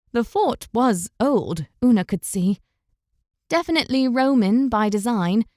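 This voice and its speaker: Female audiobook narrator, higher register, steady scripted delivery, dry studio sound. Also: no echo.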